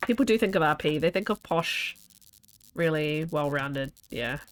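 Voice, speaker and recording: Low-voiced chatty New woman. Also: expressive, normal speed, dry recording. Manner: chatty, laughs often, wanders between asides. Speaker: game streamer. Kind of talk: casual gameplay commentary.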